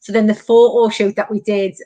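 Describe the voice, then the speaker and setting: A woman's voice: medium pitch, fairly quick, no room sound. A woman, telling stories animatedly in casual chat as podcast host. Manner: animated storytelling, many fillers.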